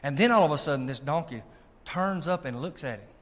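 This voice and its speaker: A man's voice: on the high side, animated, brisk. A male pastor preaching a sermon, calling out to his congregation to check they are listening. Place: church sanctuary. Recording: long reverb of a large hall.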